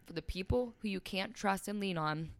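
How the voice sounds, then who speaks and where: A woman's voice: medium pitch, moderate pace, gravelly, no echo, studio quality. A young woman talking candidly and emotionally about her life as a podcast guest, with lots of "like" fillers and quoting others. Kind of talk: candid personal conversation.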